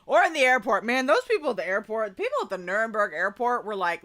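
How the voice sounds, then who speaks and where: A woman's voice: a little high, big pitch swings, fast talker, hardly any pauses, a bit bright. A young woman chatting casually in a travel vlog voice-over, rambling with lots of fillers. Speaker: vlogger.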